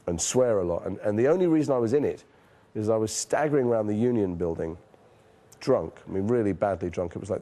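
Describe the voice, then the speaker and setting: Here an actor from northern England, a man in his forties, answers interview questions with reflective, self-deprecating tales told frankly and with casual profanity. His voice is on the low side and dark in tone.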